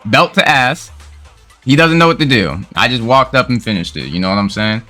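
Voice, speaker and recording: A man's voice: lowish voice, big pitch swings, fast, pushed and bright, faint music behind. A man casually recounting an online game argument in a laid-back, slangy way, calling the listener "bro.". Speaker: gaming video creator. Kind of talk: casual storytelling commentary.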